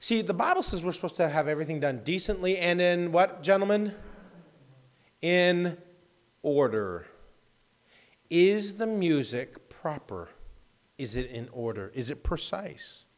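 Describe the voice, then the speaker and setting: A male pastor with a high-leaning, expressive voice preaches a sermon in church through a microphone, a little slow and pausing often. He rambles, pokes fun at himself, and shifts from hushed remarks to loud bursts.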